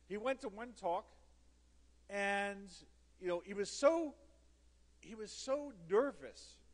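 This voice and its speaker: Animated man telling stories in a hall. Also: sits high. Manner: animated, theatrical storyteller with emphatic repetition. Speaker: conference speaker. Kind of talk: storytelling keynote talk. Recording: long hall reverb.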